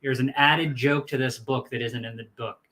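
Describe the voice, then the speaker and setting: A man's voice: medium pitch, steady tone, moderate pace, sharp tone, a little hiss or hum. A man co-hosting a casual live chat, playfully teasing and telling jokes. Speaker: podcast co-host.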